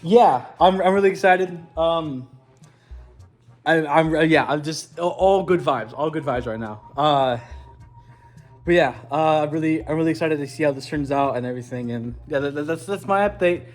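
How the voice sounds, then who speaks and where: A young man giving a casual video diary update, excited and rambling with lots of fillers and restarts. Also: on the high side, normal speed, faint music behind. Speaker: vlogger planning a party.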